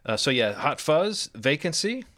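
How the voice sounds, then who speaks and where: A man's voice: a little high, very animated, unhurried, a bit bright. A man hosting a casual podcast chat, joking around and reading lists aloud with mock disbelief. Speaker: podcast host.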